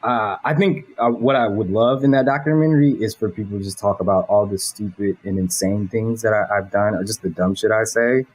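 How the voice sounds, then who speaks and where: Husky-voiced man chatting loosely. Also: fairly low pitch, a little fast, hardly any pauses, low-quality recording. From Los Angeles. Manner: relaxed, rambling, swears and laughs freely. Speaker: guest, animation director. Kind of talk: casual interview chat.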